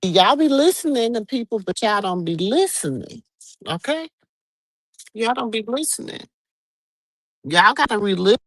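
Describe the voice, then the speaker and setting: Middle-aged woman co-host, chatty storyteller, lively swooping pitch, dry close sound. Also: moderate pace, pauses often, dry recording. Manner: animated storyteller, acts out quotes. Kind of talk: casual late-night chat.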